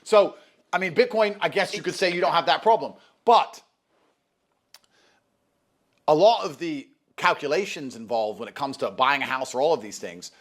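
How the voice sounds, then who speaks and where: A man with a high, lively voice that swings up and down as he lectures. He talks emphatically and swears freely in casual conversation. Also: normal speed, long pauses. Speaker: guest.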